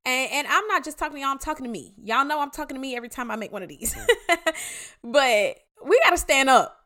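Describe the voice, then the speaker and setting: A woman with a Georgia Southern accent hosts a devotional podcast, speaking in a high, bright voice. She exhorts her listeners emphatically, and her pitch swings widely as she mixes slang with preaching. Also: lively intonation, a little fast. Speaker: podcast host. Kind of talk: casual devotional podcast talk.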